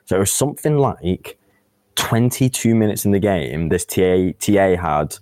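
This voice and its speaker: A British man co-hosting a podcast, explaining games in a measured, analytical way. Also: low voice, animated, a little mellow, no echo. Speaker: podcast co-host. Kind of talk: casual esports chat.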